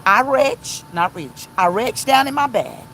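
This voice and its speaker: Middle-aged woman pastor, mid-pitched, impassioned live-stream preacher in a parked car, faint vehicle rumble. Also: big pitch swings, normal speed, fairly bright tone, low-quality recording. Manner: impassioned, emphatic, repetitive preaching. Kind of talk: live-streamed sermon reading viewer comments. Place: inside a car.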